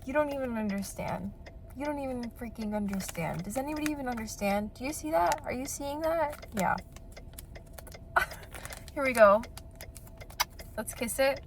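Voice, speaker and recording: A woman's voice: on the high side, lively intonation, moderate pace, creaky, long pauses, noisy background. A young woman vlogging casually to camera about her art and market finds, chatty and giggly. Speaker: vlogger and artist. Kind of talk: casual vlog talk to camera. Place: car.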